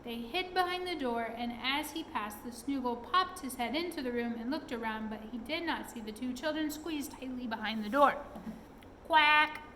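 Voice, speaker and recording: A woman reads a children's storybook aloud with a high, bright voice. She reads expressively and now and then turns to ask her listeners questions. A faint noise sits under her voice. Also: normal speed, few pauses, poor audio.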